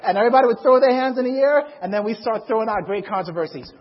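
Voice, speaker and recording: A man preaching a testimony sermon to a congregation in a church. He tells his story as an animated storyteller who acts out voices and shouts for emphasis. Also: high-pitched, very fast, big-room sound, dull audio. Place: church before a live congregation.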